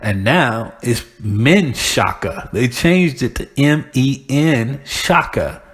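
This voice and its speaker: A man's voice: medium pitch, expressive, slow pace. Laid-back profane man. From Austin, Texas. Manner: loose, profane, chuckling between jokes. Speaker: podcast host. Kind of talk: casual comedic monologue.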